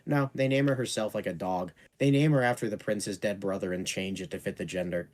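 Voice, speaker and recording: A man's voice: fairly low pitch, fairly quick, hardly any pauses, a little mellow. A man co-hosting a casual podcast, ranting sarcastically and swearing in exasperation. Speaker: podcast co-host.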